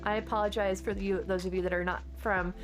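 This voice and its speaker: A woman's voice: mid-range voice, level tone, brisk, soft background music. A woman from Texas, chatting casually with her viewers and answering chat during a game stream.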